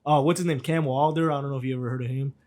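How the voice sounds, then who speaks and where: A man's voice: mid-range voice, steady tone, very fast, darkish tone. A man co-hosting a podcast in casual, laid-back chat, swearing freely and using lots of fillers. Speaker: podcast co-host.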